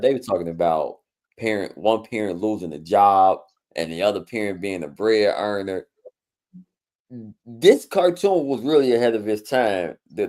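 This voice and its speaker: Male co-host, AAVE, lower voice, animated and profane storyteller. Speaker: podcast co-host. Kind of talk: casual chat.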